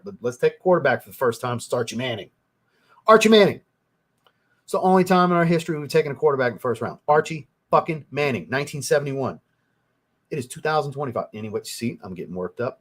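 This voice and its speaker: Fast and mid-range with a breathy edge, this young man's voice carries his casual livestream, where he reviews fragrances and reads out viewer comments. Getting worked up, he rambles and drops swear words.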